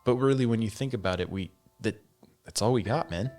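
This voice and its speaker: A man's voice: fairly low pitch, brisk, darkish tone, faint music behind. A man hosting a casual solo podcast and talking candidly, swearing freely and saying "man" and "dude" as he goes. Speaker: podcast host.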